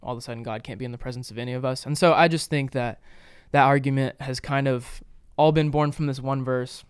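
Earnest man explaining scripture, smooth voice. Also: mid-range voice, steady tone, fast talker, dry recording, studio quality. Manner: earnest, explanatory, with frequent fillers. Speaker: podcast co-host. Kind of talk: casual Bible discussion.

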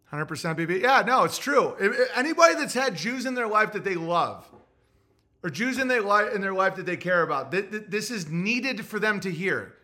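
A man's voice: sits high, animated, moderate pace, pushed and bright. A man hosting a livestream, delivering a blunt, crude, lecturing rant straight to his viewers. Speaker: livestream host. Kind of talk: ranting livestream monologue.

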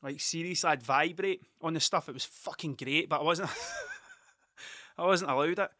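The voice belongs to a man from Scotland in his thirties, a vlogger who narrates casually and at length, peppering his talk with swearing, tangents and self-interruptions. His pitch is a little high, his pace moderate, and his tone sharp, on a dry, studio-quality recording.

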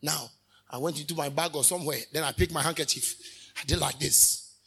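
High bright-voiced preacher. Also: male voice, steady tone, brisk, creaky, husky. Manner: fervent preaching with sudden loud rises and asides. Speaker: minister. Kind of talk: sermon.

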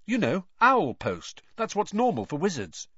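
A man's voice: sits high, huge pitch swings, normal speed, fairly bright tone, slightly rough, no room sound, pitched above the performer's own voice, full character voice. A man voicing a thirteen-year-old boy wizard who answers curtly and coolly defiant. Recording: dry, slightly dull recording.

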